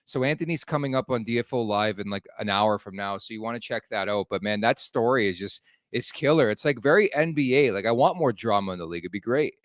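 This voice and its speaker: A man's voice: fairly low pitch, expressive, quick pace, hardly any pauses, fairly bright tone, dry recording, clean studio sound. A man co-hosting a casual sports talk show, chatty and laughing along, reading promos between topics. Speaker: podcast co-host.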